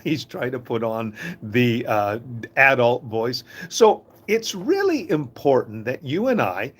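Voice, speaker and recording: An older man gives an inspirational talk in a casual, folksy way. His voice swings high and low with lively energy. He often chuckles at his own stories. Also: slow pace, slightly rough. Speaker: host of a live talk.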